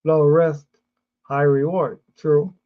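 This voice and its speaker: A man's voice: on the high side, little pitch movement, takes it slowly, narrow, tinny audio. A man hosting a casual sports livestream, rambling with fillers and restarts, sleepy and yawning. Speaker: sports show host.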